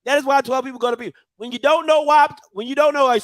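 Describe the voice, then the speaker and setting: Excitable man with a very high voice. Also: quick pace, dry recording. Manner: excitable, shouting and laughing at clips. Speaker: host. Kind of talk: live-stream reaction talk.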